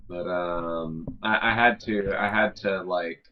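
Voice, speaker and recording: Guy rambling on a stream, kinda low voice, bright but lo-fi sound. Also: fairly even intonation, slight background noise. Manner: rambling, halting restarts. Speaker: livestream co-host. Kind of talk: casual chat.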